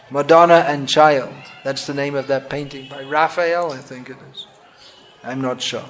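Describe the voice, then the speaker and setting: A man with a high voice explains a sacred story in a devotional talk, stopping to rephrase his words. He speaks slowly and deliberately, now and then acting out the scenes he describes. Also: fairly bright tone. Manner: thoughtful, self-correcting, acts out scenes.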